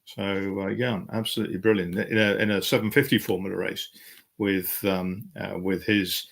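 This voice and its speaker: A man's voice: deep voice, level tone, normal speed, creaky, a bit bright. A man in his sixties, a guest commentator, chatting in detail about classic racing cars, with frequent fillers. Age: 60s. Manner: knowledgeable, detailed, many fillers. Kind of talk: casual chat.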